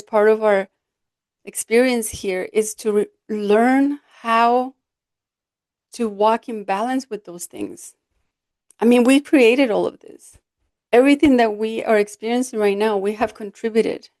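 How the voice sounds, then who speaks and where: Woman, podcast host, earnest and expressive, fairly high voice, dry close sound. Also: no echo. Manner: expressive, earnest, with quoted asides. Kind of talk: reflective solo podcast talk.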